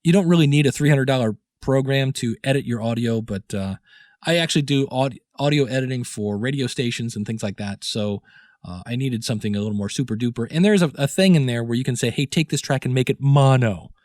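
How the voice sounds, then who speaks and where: A man's voice: mid-range voice, brisk, a little mellow, no room sound. A man hosting a podcast, talking casually and full of fillers as he explains and demos his microphones live from a small home studio. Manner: chatty, filler-heavy, demonstrating gear live. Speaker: podcast host. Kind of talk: casual how-to talk. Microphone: studio microphones switched live, dynamic and condenser.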